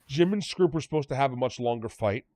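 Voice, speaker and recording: A man's voice: medium pitch, lively intonation, quick pace, mellow, no room sound. A man hosting a casual podcast chat, rambling and correcting himself as he recounts details. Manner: rambling, self-correcting storyteller. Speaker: podcast host.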